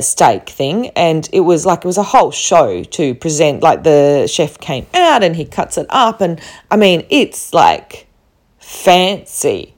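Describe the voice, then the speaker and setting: A woman's voice: fairly low pitch, a little mellow. A woman from Australia with an Australian accent, telling a rambling travel story to camera with many fillers. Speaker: travel vlogger.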